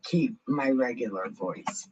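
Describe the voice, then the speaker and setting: A woman hosting a casual livestream, talking in a raspy, altered voice and rambling in a blunt, profane way. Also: a bass voice, slow, darkish tone, highs cut off. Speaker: livestream host reading the Bible. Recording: home livestream mic.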